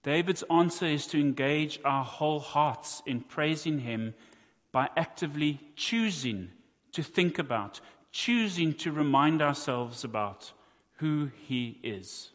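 A man with a South African accent preaching a sermon, earnest and deliberate, with wry asides to his congregation. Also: on the high side, lively intonation, a bit bright, in a large hall. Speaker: pastor.

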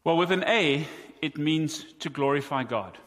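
A man with a South African accent preaching a sermon, earnest and deliberate, with wry asides to his congregation. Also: a little high, fairly bright tone, big-room sound. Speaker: pastor.

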